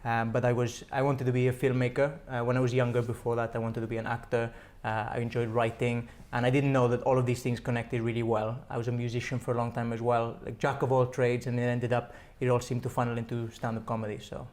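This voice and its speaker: A man's voice: medium pitch, level tone, fast talker, few pauses, a little mellow. A young man from Mallorca, a stand-up comedian chatting in an interview, joking and laughing often. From Mallorca, Spain. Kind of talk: casual interview chat.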